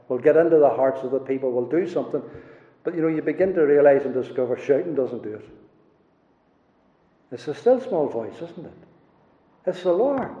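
A man preaching a sermon, swinging between loud rising declarations and hushed low asides. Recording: roomy hall echo, dull lo-fi sound.

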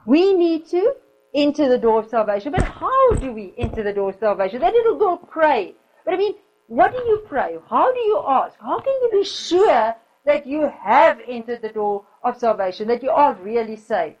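A woman preaching a sermon, telling a story in a lively way and dropping to a soft whisper for quoted lines. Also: high voice, moderate pace, highs cut off.

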